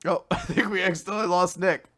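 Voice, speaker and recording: A man co-hosting a casual manga podcast, animated and quick to laugh. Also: sits high. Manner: animated, laughs often, bursts into mock British voices. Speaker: podcast co-host. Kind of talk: casual chat.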